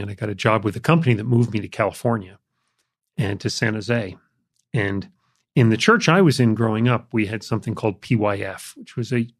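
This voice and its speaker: Older guy with a low gravelly voice, laid-back storytelling, lots of ums, dry close mic. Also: no room sound. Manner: relaxed, reflective, frequent fillers. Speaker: interview guest. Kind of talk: conversational storytelling.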